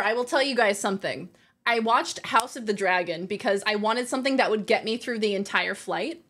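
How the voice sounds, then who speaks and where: A woman's voice: a little high, a bit bright. A woman streamer chatting casually with her viewers, laughing often and reading their messages aloud.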